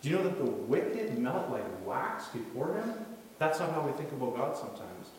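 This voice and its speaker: A man's voice: on the high side, big pitch swings, normal speed, a little mellow. A man preaching a casual, story-filled sermon as a youth pastor, acting out quoted voices. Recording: echoey hall, distant mic, faint noise.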